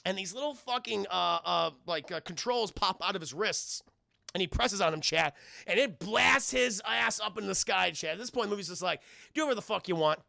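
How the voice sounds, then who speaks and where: Gravelly, high-voiced young man ranting. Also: normal speed, bright, forceful tone, no room sound. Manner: profane, rambling, keeps addressing the chat. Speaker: streamer and film reviewer. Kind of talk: casual film recap to a live chat.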